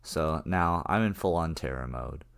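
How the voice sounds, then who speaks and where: A man's voice: a bass voice, a little slow, gravelly, fairly bright tone. A man narrating a horror story in a casual, profane first-person manner. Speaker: creepypasta narrator.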